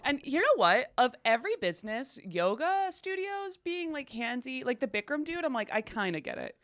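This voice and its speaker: A woman's voice: high voice, sing-song, moderate pace, fairly bright tone, no room sound, clean studio sound. A young woman co-hosting a podcast, joking playfully and swearing in casual chat. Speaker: podcast co-host.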